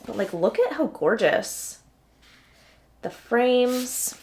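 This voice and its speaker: A woman's voice: on the high side, animated, slow pace, darkish tone, slight background noise. A young adult woman booktuber in casual unboxing chat, gushing and chatty with lots of "like"s.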